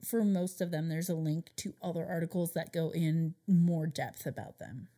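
A woman's voice: low-pitched, moderate pace, mellow. Play a woman relaying a story to her co-host, loose and conversational, with fillers. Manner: chatty storyteller, many fillers. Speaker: podcast co-host. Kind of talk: casual chat.

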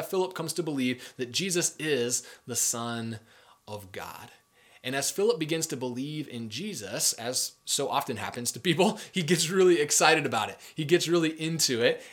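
Casual, animated young man preaching. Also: on the high side. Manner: conversational, animated, acts out quoted voices with filler words. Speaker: pastor. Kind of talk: casual sermon storytelling.

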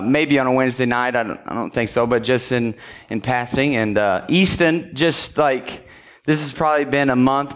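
A man's voice: medium pitch, a bit bright, clean tone. A man preaching a sermon in a church, telling a personal story in a loose, conversational way, often checking in with the congregation and chuckling as he goes. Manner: chuckles while telling stories. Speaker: pastor. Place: church sanctuary.

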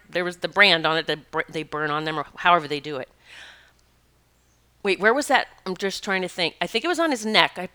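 Bright, crisp-voiced woman telling a story. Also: mid-range voice. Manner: rambling, self-correcting, earnest. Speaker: animal communicator and Reiki practitioner. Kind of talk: casual personal storytelling.

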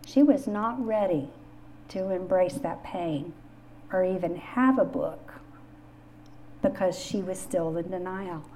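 A woman's voice: medium pitch, dark tone, slight background noise. A middle-aged woman hosting a faith-based podcast on grief, telling personal stories in an earnest way. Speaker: podcast host.

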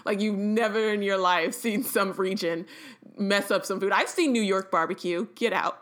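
A woman's voice: mid-range voice, moderate pace, a bit bright. Playful, opinionated woman. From St. Louis, Missouri. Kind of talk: casual chat.

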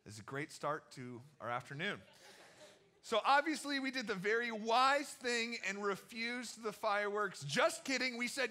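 Animated, bright-voiced young male youth pastor. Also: very high voice, normal speed. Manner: energetic, animated, jokey, acts out quotes. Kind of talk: casual storytelling sermon to teens.

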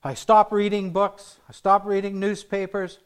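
Preacher, male, high voice, earnest testimony sermon with hushed emphatic drops. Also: little pitch movement, measured pace, smooth. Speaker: preacher giving his testimony.

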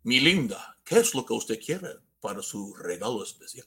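A romance-novel Santa, played by a man purrs his lines low and slow. The crooning is smooth and intimate, with a bright edge still showing through. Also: very animated, exaggerated voice. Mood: seductive. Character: seductive crooning male Santa.

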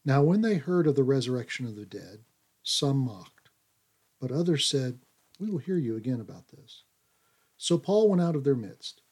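A man co-hosting a radio program, reading scripture in a steady, measured way. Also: medium pitch, breathy edge. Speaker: co-host.

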